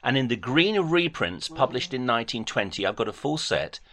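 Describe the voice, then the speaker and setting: A man's voice: mid-range voice, sing-song, normal speed, a bit bright. A man on a phone debate, talking formally and precisely, citing dates and page numbers carefully. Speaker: caller.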